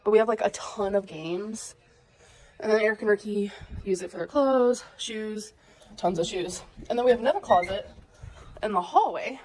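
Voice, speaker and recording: Cooking in her kitchen for a vlog, a woman with a cold chats and giggles to her viewers. She speaks at a moderate pace with frequent pauses, in a medium-pitched, darkish voice, and the audio is poor.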